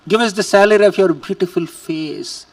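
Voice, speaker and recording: A man's voice: high-pitched, moderate pace, distant mic. A man voicing reproachful pleading young devotees.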